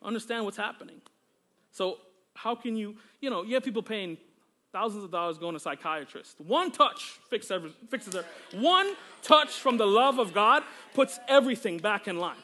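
A man's voice: high voice, animated, normal speed, bright, forceful tone. A male pastor preaching a sermon during a church service. He is fervent and exclamatory, breaking into praise often and joking casually with the congregation.

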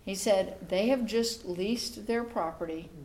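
A middle-aged woman, a state senator giving an animated political speech to a meeting, acting out the voices of the people she quotes and building up her emphasis. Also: mid-range voice, a little slow. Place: meeting room with an audience.

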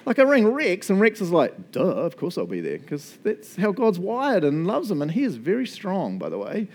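Male pastor, relaxed chatty sermon, fairly high, very animated delivery. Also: moderate pace. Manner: casual, chatty, laughs often.

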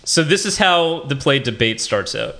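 Man co-host, casual chat, bright, animated voice, wry humor. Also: medium pitch, normal speed, gravelly.

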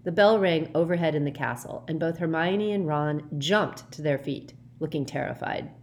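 Woman audiobook narrator, low-pitched, steady and measured, faint noise behind. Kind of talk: scripted narration.

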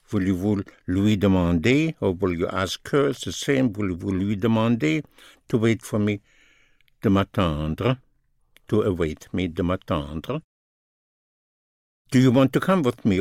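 A man teaching a language lesson, saying each phrase slowly, repeating it and explaining the grammar. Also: lowish voice, a little mellow, no room sound, clean studio sound. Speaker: French teacher.

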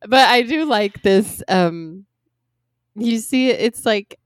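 An American woman co-hosting a casual podcast chat about song lyrics, talkative and quick to laugh, often acting out little quotes. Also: on the high side, dry recording, studio quality. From United States. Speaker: podcast co-host.

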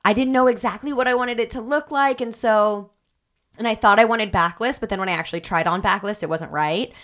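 A woman guest on a casual podcast, a little hoarse as she is losing her voice, talking in a chatty, thoughtful way that trails off mid-sentence. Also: on the high side, a little fast, a bit bright.

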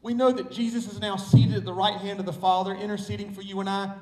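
A man's voice: sits high, flat delivery, fast talker, a little mellow. A man with a Southern US accent preaching a sermon as pastor, stressing and repeating key words. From Southern United States. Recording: echoey room, mic far off.

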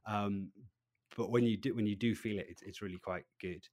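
A man giving an interview about his training work, lively, acting out little voices and swinging between loud and quiet. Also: fairly low pitch, moderate pace, dry recording, studio quality. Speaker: presentation trainer, guest. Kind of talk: animated podcast interview.

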